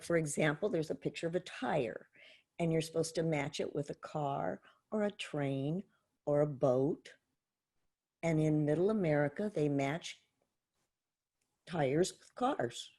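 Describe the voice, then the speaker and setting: A middle-aged woman with a Canadian accent tells a personal story as a podcast guest, slipping into the voices of the people she quotes. Her voice sits low and sounds warm and mellow. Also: measured pace. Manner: animated storyteller, acts out quoted dialogue. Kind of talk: storytelling anecdote.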